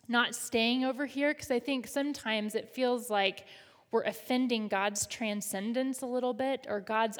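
A woman pastor preaching a sermon in a conversational way, leading the congregation in call and response. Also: on the high side. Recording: reverberant hall.

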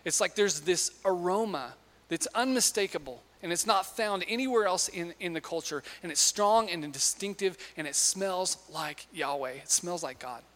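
High-voiced male preacher in an echoey hall. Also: moderate pace, a bit bright. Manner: conversational storytelling preacher, asks the audience questions. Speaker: pastor. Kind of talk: sermon. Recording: long hall reverb.

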